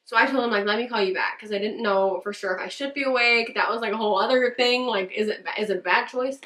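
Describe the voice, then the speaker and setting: A woman's voice: fairly high pitch, quick pace, fairly bright tone. A young woman telling a story in a casual vlog, chatty and rambling, with many fillers and restarts. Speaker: vlogger and church worship leader. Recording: roomy echo.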